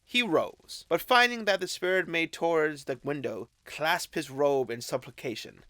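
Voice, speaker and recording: A man narrating a classic novel as an audiobook, with expressive, unhurried storytelling. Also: fairly high pitch, dry recording. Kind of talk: scripted narration.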